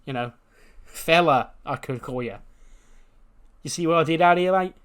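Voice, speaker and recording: A man's voice: a little high, normal speed, fairly bright tone, clean tone, pitched above the performer's own voice, close to an everyday voice. A man voicing a brash, boastful young male wrestler trash-talking a champion. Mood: taunting. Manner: boastful, swaggering trash talk.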